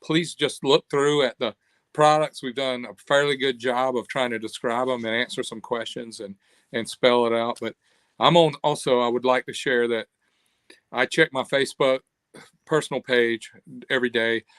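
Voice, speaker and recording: An older man, an interview guest telling stories in a lively, animated way. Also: medium pitch, moderate pace, clear, resonant tone, no echo. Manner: animated storyteller, acts out quoted voices. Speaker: interview guest, cam company owner. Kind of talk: casual interview storytelling.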